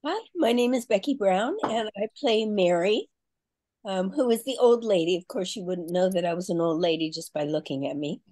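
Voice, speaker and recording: Dry-humored actress, mellow high voice. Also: female voice, normal speed, dry recording. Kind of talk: casual video call chat. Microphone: video call.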